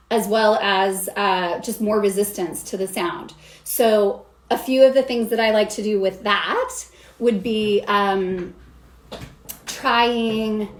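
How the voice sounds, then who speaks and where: A woman vocal coach explaining singing technique in an upbeat way, stopping to demonstrate sounds as she goes. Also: mid-range voice. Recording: echoey room.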